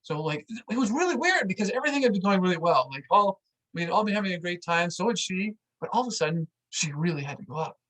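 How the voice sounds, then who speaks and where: A vlog host telling a story out loud in a casual, animated way, full of "like"s and acting out what others said. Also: mid-range voice, fast, rough recording. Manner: animated, filler-heavy with many "like"s, acts out what people said.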